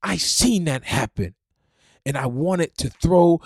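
A man hosting a faith podcast, preaching with fervor and swinging from loud calls to hushed, pleading talk. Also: on the high side, lively intonation, slow pace, no room sound, clean studio sound. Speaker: podcast host.

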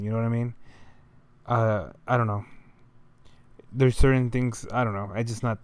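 Young dude rambling through a story, lots of ums, slangy, dead dry sound. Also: male voice, medium pitch, fairly even intonation, normal speed, long pauses, clean tone, no room sound. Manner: rambling, loose and slangy with many fillers. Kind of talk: casual storytelling monologue.

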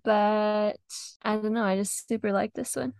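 A young woman chats easily about music, laughing often and filling her talk with "like". Her voice carries a gravelly fry and sits close on a dry mic. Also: medium pitch, steady tone, normal speed, a little mellow, no room sound. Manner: chatty, giggly, lots of "like". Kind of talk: casual chat reviewing songs.

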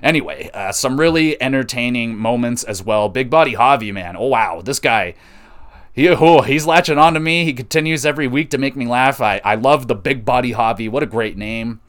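Man, podcast host, casual wrestling recap, excitable, cursing, smooth clear voice. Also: mid-range voice, brisk. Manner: excitable, laughs at his own stories, swears freely.

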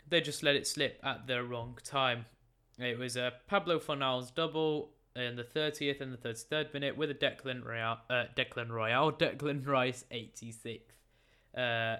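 Brief: young man in his late teens doing a chatty, jokey football results rundown; bright, smooth voice. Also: mid-range voice, measured pace. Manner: chatty, joking, stumbling over names. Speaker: football recap presenter. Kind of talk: casual football results recap. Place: room at a computer.

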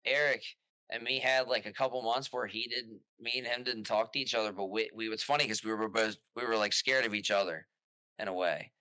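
Male podcast guest, low-pitched, forceful storyteller, rambling delivery. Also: brisk, no room sound. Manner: rambling, animated, restarts often while retelling quotes. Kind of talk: casual storytelling chat.

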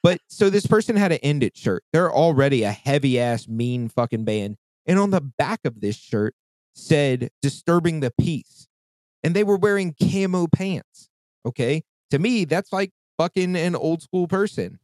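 Man, thirties, podcast host, swearing, ranting, fairly high voice, dry sound. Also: lively intonation, a little slow, a little mellow, no room sound. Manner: profane, heated ranting storyteller. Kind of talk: casual chat.

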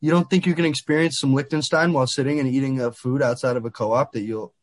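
A man's voice: medium pitch, fairly even intonation, quick pace. A man in casual chat, teasing a friend and complaining in an exaggerated way with frequent laughs.

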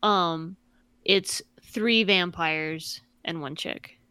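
A woman's voice: fairly low pitch, very slow, pushed and bright, clear, resonant tone, no room sound. A woman co-hosting a casual podcast chat, talking animatedly and swearing freely, mocking characters in exaggerated voices. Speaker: podcast co-host.

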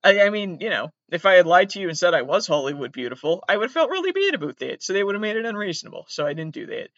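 A young man rambles through his podcast monologue, joking at his own expense. His pitch bounces around constantly and sits a bit high for a man. The recording is dry and muffled, like a laptop mic in a small space. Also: big pitch swings, fast talker, a bit bright, no echo. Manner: self-mocking, jokey, rambling. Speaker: podcast host.

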